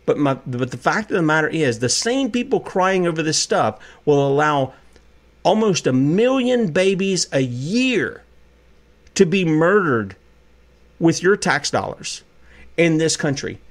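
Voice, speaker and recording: A man's voice: fairly high pitch, very animated, measured pace. A man hosting a call-in talk radio show, speaking in an impassioned, preachy way and firing off rhetorical questions.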